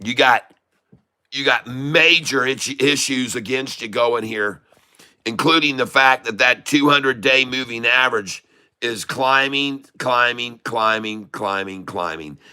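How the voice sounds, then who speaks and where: A man giving excited live commentary on a stock chart, full of folksy slang and exclamations. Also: medium pitch, measured pace. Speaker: day-trading streamer.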